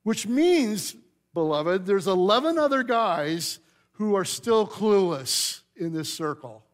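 A male pastor preaching a sermon in a church, telling the story in a lively way and putting questions to the congregation. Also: high-pitched, slow. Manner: animated storyteller, acts out quotes, asks the congregation questions.

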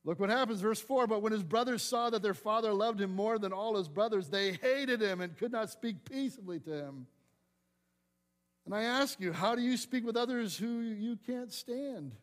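A middle-aged male pastor preaches a sermon at a moderate pace in a fairly high voice. His delivery is animated, hammering some lines loudly and dropping to a hush for soft asides.

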